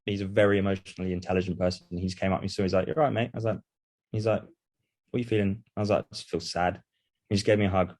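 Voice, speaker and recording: Low-voiced man, soft and reflective. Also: flat delivery, rapid-fire. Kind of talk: personal story in podcast conversation.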